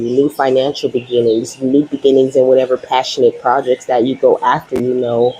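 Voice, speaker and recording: A woman's voice: extremely low pitch, dark tone, slightly rough, rough recording. A woman giving a casual spiritual tarot reading to her viewers, chatty and reassuring, often tagging her lines with "okay?" and "you know?". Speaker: tarot reader.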